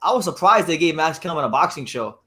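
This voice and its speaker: A man from the United States hosting a casual boxing chat, animated, often repeating his words. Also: fairly high pitch, fast talker. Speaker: host.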